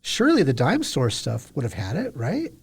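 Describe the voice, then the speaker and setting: A man co-hosting a casual book discussion, easygoing and halting, often repeating words as he gathers his thoughts. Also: medium pitch, huge pitch swings, slightly rough. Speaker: podcast co-host.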